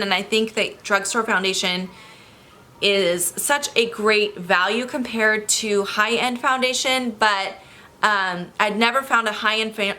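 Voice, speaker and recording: A woman beauty vlogger chatting enthusiastically and quickly through a casual product review. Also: medium pitch, bright, forceful tone. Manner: chatty and enthusiastic, talks fast.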